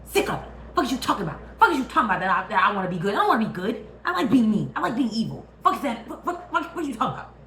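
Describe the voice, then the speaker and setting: A woman's voice: a little high, racing, few pauses, a little hiss or hum, pitched above the performer's own voice, natural voice. A woman playing a brash evil male skeleton villain who curses and gloats about being wicked. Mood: defiant. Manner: profane, gleefully defiant. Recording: roomy echo.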